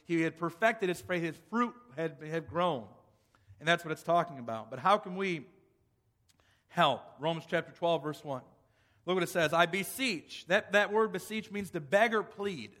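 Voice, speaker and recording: A man's voice: on the high side, a bit bright. A male pastor preaching a sermon, emphatic, asking rhetorical questions and restarting phrases as he goes. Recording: long hall reverb.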